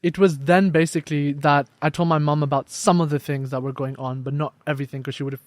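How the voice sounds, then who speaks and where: Animated young man telling a story. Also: a little high, quick pace, no echo. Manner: animated storyteller, acts out quoted dialogue. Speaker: podcast guest, life coach. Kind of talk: casual podcast conversation.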